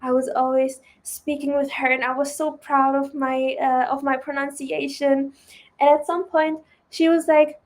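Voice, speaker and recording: A woman's voice: sits high, level tone, moderate pace. A woman with a German accent, a non-native speaker of English, chatting loosely as she teaches trading on a live stream, with many fillers and "right?" tags.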